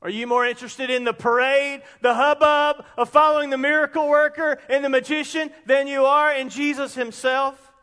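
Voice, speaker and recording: A man, preaching an animated sermon that rises into shouts. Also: very high voice, moderate pace. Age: 50s. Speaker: pastor. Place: church sanctuary. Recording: long reverb of a large hall.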